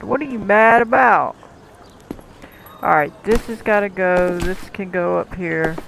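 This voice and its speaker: High, gravelly man chatting through a game. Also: a bit bright, slight background noise, low-quality recording. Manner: chatty, talks to the game's customers, chuckles often. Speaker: gameplay commentator. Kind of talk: casual gameplay commentary.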